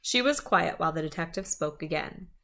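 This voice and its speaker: A woman's voice: low-pitched, a little fast, gravelly. A woman reading a children's chapter book aloud, with small asides to her listeners. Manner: lively storytelling, small asides.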